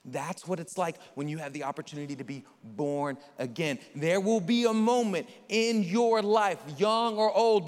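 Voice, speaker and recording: A male pastor preaching a sermon with animated storytelling, speaking directly to his congregation in a church hall. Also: extremely high pitch. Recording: long reverb in a hall.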